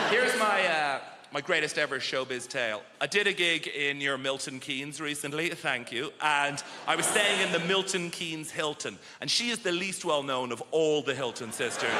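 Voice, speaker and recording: High-voiced Irish comic in a big theatre. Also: male voice, background noise. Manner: wry, animated, shouts in character voices. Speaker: stand-up comedian. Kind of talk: stand-up comedy set. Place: large theatre on stage. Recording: roomy live theatre with loud crowd.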